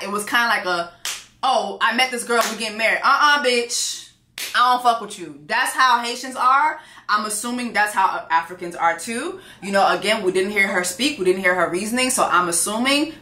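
Blunt woman in casual commentary, slightly high, repeating herself for emphasis, roomy echo. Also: sharp tone. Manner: blunt, profane, emphatic repetition. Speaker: host, reality show reviewer.

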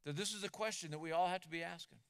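Male pastor, higher voice, smooth and resonant, earnest emphatic sermon delivery. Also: rapid-fire. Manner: earnest, emphatic preaching with repeated words.

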